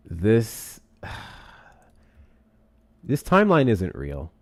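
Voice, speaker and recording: A man's voice: fairly low pitch, sing-song, unhurried, dark tone. A young man hosting a live stream, reading articles aloud and reacting with profane, sarcastic commentary.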